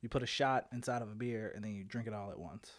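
A man's voice: fairly low pitch, fast talker. A young man co-hosting a podcast in casual joking chat, teasing his friend and laughing often. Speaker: podcast co-host.

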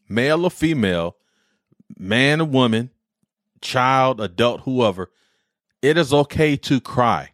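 A man's voice: on the low side, animated, normal speed, no room sound, clean studio sound. A man in his forties, a podcast host, telling personal stories in a rambling, heartfelt way with military slang. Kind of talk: casual monologue.

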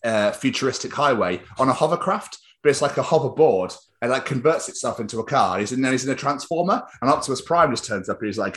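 A man's voice: medium pitch, animated, a little fast, few pauses, a bit bright. A man hosting a podcast in casual, rambling, sweary comic chat. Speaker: podcast host.

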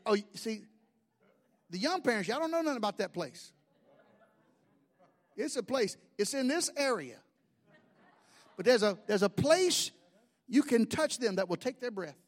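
High-voiced folksy preacher man. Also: unhurried, pauses often. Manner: folksy, humorous, animated storytelling with mimicked voices. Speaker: pastor. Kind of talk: sermon.

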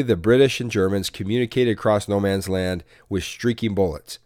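Male devotional podcast host, lowish voice, earnest scripted storytelling, dry close mic. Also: a little mellow, no room sound. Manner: earnest, measured storytelling with preacher-like emphasis.

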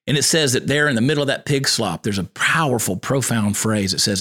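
A man's voice: mid-range voice, fairly quick, bright, forceful tone, husky. A man hosting a podcast, talking in a folksy, preacherly monologue that mixes scripture with encouragement. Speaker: podcast host.

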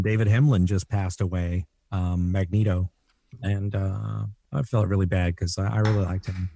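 A middle-aged man from Canada, a voice actor, telling animated stories in a casual interview and slipping into quoted voices. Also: lowish voice, dry recording. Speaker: voice actor guest.

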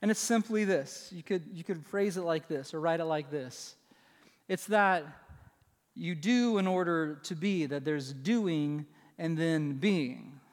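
A man preaching a sermon as pastor, conversational and often checking in with the congregation with quick asides. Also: on the high side, big-room sound. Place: church sanctuary.

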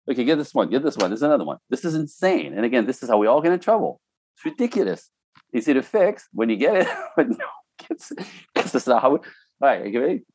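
Animated man with lively pitch. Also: no echo. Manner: animated storyteller, mimics voices, laughs often. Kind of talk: casual podcast chat.

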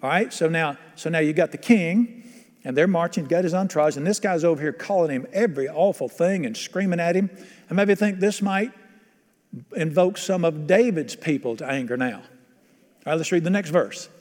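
Male pastor, sermon, higher voice, talks with the congregation and asks them questions, reverb-heavy room. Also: a little fast, darkish tone. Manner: conversational, quizzes the congregation.

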